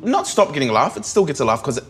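A comedian talking candidly in an interview, thinking aloud with frequent restarts and tag questions. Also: male voice, fairly high pitch, big pitch swings, fast talker, fairly bright tone. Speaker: comedian guest.

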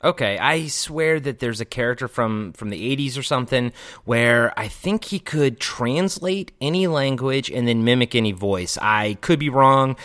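A man's voice: medium pitch, normal speed, a bit bright. A man co-hosting a podcast, chatting casually and joking, laughing easily. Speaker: podcast co-host.

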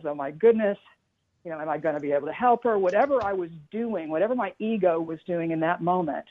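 Casting: earnest middle-aged woman, halting restarts, tinny phone line. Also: on the low side. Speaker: spiritual teacher guest. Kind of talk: casual storytelling on a radio talk show.

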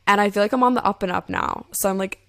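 Bubbly young woman with vocal fry. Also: medium pitch, sing-song, fast talker, fairly bright tone, no room sound. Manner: bubbly, effusive. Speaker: podcast guest. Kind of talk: casual podcast chat.

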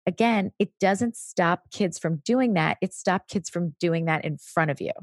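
A woman's voice: fairly low pitch, a little slow, dry recording, clean studio sound. A woman speaking as the expert guest in a conversational interview, explaining patiently and now and then acting out what a parent might say. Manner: explanatory, briefly acts out parent and child lines. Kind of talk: casual chat.

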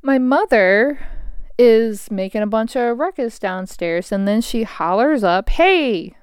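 Woman in her thirties, casual solo monologue, venting, swears, smooth clear voice, dry close sound. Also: on the high side, lively intonation, a little slow, a little mellow, no echo. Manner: frank, venting, swears freely. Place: home office at a desk.

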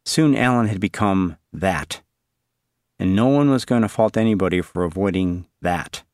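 A man narrating a literary story in a measured, wry, inward way. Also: sits low, a little mellow, no echo, studio quality.

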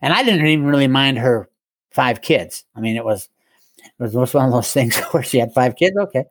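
A middle-aged man tells his story in an easygoing way, joking at his own expense and chuckling often. His voice sits at an ordinary pitch. The sound is dry and close. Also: animated, normal speed, dry recording. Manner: wry, self-mocking humor with chuckles. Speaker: guest speaker in recovery. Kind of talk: casual storytelling.

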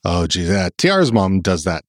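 Lively low-voiced laughing podcast man. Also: moderate pace, no echo, studio quality. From Texas. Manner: laughs often, swears casually. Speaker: podcast co-host. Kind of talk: casual chat.

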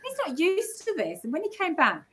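Woman, casual storyteller, animated and laughing. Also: extremely high pitch, brisk. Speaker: guest speaker.

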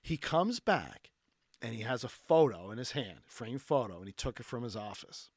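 A man telling a story in casual talk, animated and full of fillers, swearing freely. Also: medium pitch, normal speed, slightly rough, no room sound, studio quality. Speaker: podcast guest.

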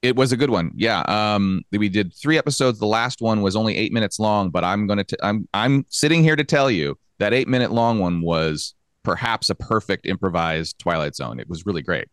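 A man's voice: on the low side, expressive, normal speed, hardly any pauses, clear, resonant tone, no room sound, clean studio sound. A man on a podcast as a guest, chatting in an easygoing, slightly mumbly way. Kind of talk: casual chat.

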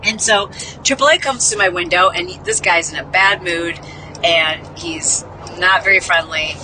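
A woman's voice: lowish voice, moderate pace, noisy background. A woman from the Midwest, a podcast host, telling a story in a casual, chatty, self-mocking way and acting out the people she quotes.

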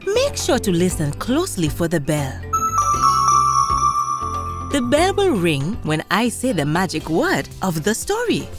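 A woman hosting and narrating folktales for young children in an animated, sing-song storybook manner. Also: on the low side, measured pace, long pauses, music in the background.

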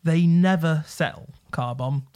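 A man's voice: fairly high pitch, measured pace, a little mellow. A man hosting a casual chat, enthusiastic and freely swearing, with plenty of ums and uhs.

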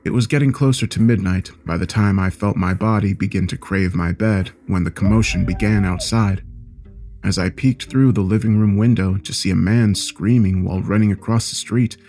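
A man with a fairly low voice narrates a horror story. His delivery is steady and measured, with soft music faint behind him.

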